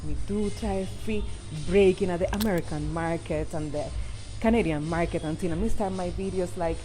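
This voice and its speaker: A woman's voice: lowish voice, normal speed, dark tone. Woman in her 40s, from Cuba, Jamaican Patois accent with rolled R, playful and outspoken vlog talk, faint background music. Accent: Jamaican Patois with Cuban Spanish touches. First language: Spanish. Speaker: social media creator. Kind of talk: casual vlog to camera.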